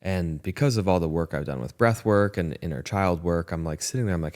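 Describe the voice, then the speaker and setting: Male podcast host with a very deep voice, earnest and reflective storyteller, often restarts his sentences. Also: lively intonation, quick pace, few pauses, darkish tone. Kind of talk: candid conversation.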